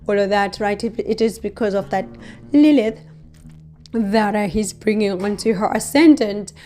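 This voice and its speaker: A woman hosting an astrology channel, explaining a couple's chart in an unhurried way, often adding "you know" and "right?" as she talks. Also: mid-range voice, warm tone, faint music behind. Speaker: astrologer host. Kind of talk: explanatory astrology reading to camera.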